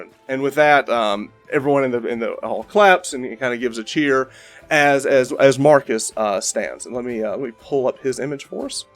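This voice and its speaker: A man's voice: mid-range voice, normal speed, soft background music. A man narrating as game master of a tabletop game, rambling with frequent restarts.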